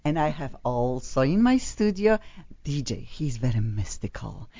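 A woman's voice: very deep voice, very animated, a little slow, dark tone, no echo. A woman hosting a radio talk show, speaking effusive, exclamatory English from a studio. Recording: dull lo-fi radio sound.

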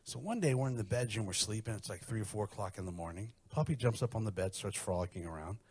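Brash middle-aged guy doing a stand-up set, profane, low voice. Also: quick pace, breathy edge. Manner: brash, profane, animated storytelling. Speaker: stand-up comedian.

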